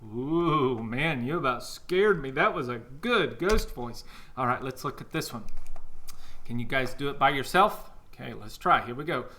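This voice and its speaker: Bright-voiced man leading a kids' music lesson. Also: medium pitch, lively intonation, moderate pace. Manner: encouraging, counts down for the class. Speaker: music teacher.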